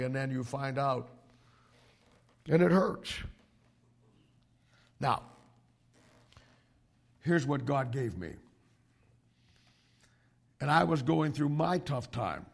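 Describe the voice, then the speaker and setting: Gravelly, emphatic male pastor. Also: fairly high pitch. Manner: emphatic and animated, with frequent restarts. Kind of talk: sermon to young ministry students.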